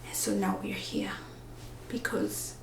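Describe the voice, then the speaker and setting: A woman's voice: takes it slowly, roomy sound, noisy background. Chatty woman, half whispering. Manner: often whispering to avoid waking a napping baby; rambling, chatty, with many fillers. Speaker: vlogger. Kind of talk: casual vlog.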